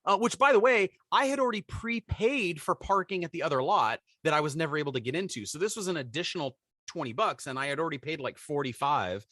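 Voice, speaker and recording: An animated man in his forties tells a story with a bright, forceful edge and a slightly raised pitch. The sound is dry and close, with no room behind it. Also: quick pace, no echo. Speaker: podcast co-host. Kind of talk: casual storytelling chat.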